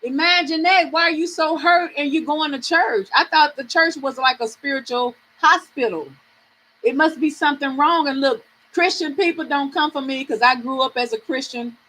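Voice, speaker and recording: A middle-aged woman from the American South talks frankly with viewers on her live reading stream. Her voice sits high and bright, she swears easily and laughs a lot. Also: moderate pace, rough recording. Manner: frank, animated, swearing freely, laughing often.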